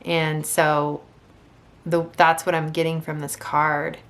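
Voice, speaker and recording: A woman giving a casual tarot reading on video, chatty and gentle, with many ums and restarts. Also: deep voice, flat delivery, slow. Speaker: tarot reader. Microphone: camera mic.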